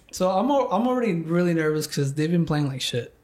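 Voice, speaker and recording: A young man with a slightly raised pitch tells a story in loose, casual chat. He rambles and leans on "like" filler after filler, and he swears freely as he vents. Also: expressive, moderate pace, darkish tone. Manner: rambling, heavy use of "like", swears a lot.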